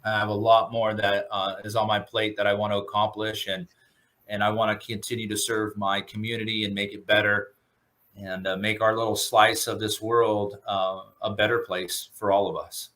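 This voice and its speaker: A surf instructor man talks in a casual interview. His voice sits a bit low but rings bright and forceful. He sounds earnest and grateful, stumbling through fillers and restarts. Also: little pitch movement, normal speed. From Southern California.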